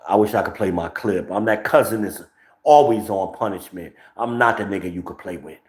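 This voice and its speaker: Speaking a little fast with a fairly low pitch, a man from New Jersey rambles brashly and profanely through his podcast livestream. The sound is roomy, since he's using just a phone with no mic, and his New Jersey accent comes through.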